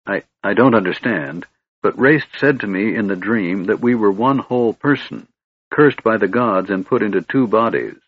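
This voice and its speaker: A man's voice: fairly low pitch, normal speed, husky, narrow, tinny audio. A man voicing an earnest big warrior. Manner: earnest, pleading. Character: big devoted young male warrior.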